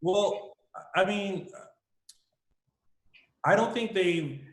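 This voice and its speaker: A man's voice: high voice, drawn-out words. A man co-hosting a casual podcast, rambling with many fillers and restarts. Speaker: podcast co-host. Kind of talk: casual chat recapping a soap opera. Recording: roomy home recording.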